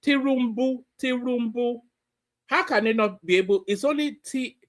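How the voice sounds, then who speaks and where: Brief: male commentary host, lively high voice, scoffing, repeats himself. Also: fairly quick. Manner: incredulous, repeats words and stumbles. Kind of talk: reaction commentary.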